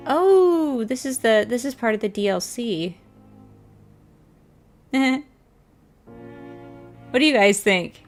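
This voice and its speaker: A woman's voice: fairly high pitch, lively intonation, faint music behind. A woman streamer playing a video game, reading in-game text aloud and musing on it. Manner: slow, musing, reads text aloud then comments. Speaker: gaming streamer.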